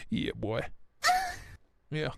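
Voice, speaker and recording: With no room sound in the recording, a young livestream host chats casually with his audience. He swears without restraint and reads viewers' comments out loud.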